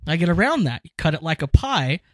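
A man hosting a podcast, chatting casually and explaining things with emphatic, animated enthusiasm. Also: fairly high pitch, quick pace, no echo. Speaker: podcast host. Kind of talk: casual chat.

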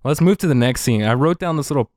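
A man's voice: medium pitch, expressive, fast, darkish tone, dry recording, clean studio sound. A man co-hosting a podcast in casual chat, skeptical and wry, full of questions. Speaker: podcast co-host.

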